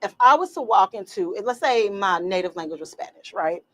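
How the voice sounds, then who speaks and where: A woman's voice: medium pitch, a little fast. A middle-aged woman talks casually as a podcast co-host. She tells stories with energy and acts out what other people said. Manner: animated storyteller, acts out quotes. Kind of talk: casual chat.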